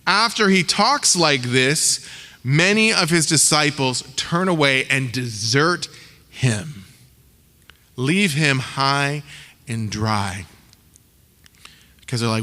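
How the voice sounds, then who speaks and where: A man's voice: mid-range voice, expressive, slow pace, pauses often, sharp tone. A man preaching a sermon as pastor, talking casually with slang and acting out the voices of the people he quotes. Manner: conversational, slangy, acts out characters' voices in quotes. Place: church sanctuary. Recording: long hall reverb.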